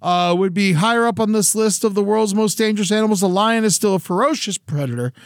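A man's voice: high-pitched, quick pace, no room sound, clean studio sound. A man co-hosting a podcast in a laid-back, rambling way, swearing freely. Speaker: podcast co-host. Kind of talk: casual chat.

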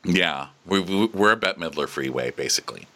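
Sarcastic male co-host, bright forceful tone, very animated delivery. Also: low-pitched, brisk. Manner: sarcastic, breaks into mocking impressions. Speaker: podcast co-host. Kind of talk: casual comedic TV recap.

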